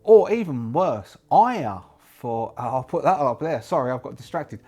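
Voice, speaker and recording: A man's voice: medium pitch, unhurried. A man hosting a solo roleplaying channel, talking casually and rambling, often correcting himself mid-sentence. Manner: rambling, self-correcting, lively. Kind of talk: casual talk to camera.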